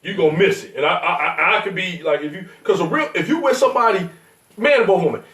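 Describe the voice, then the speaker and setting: A man's voice: high-pitched, quick pace, fairly bright tone. A man hosting a casual podcast chat, blunt and profane, telling stories from his own life. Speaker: show host. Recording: roomy echo, distant mic.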